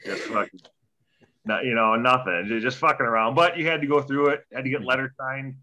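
Bright-voiced, profane young man storyteller. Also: medium pitch, a little fast. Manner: profane, rambling, animated retelling with quoted dialogue. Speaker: guest, former hockey player. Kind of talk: casual storytelling interview.

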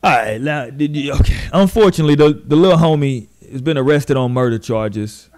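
Mimicking the people in his stories, a podcast host chats casually and animatedly, with plenty of profanity. His voice is medium-pitched and fairly quick.

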